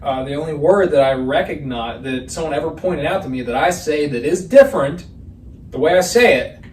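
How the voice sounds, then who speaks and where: A young man, chatting on a podcast with a slightly high, animated voice. He rambles through stories and swears freely. The sound is roomy and a little distant, with a faint hiss behind. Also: a little fast. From Pennsylvania, USA. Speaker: podcast co-host. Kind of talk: casual chat.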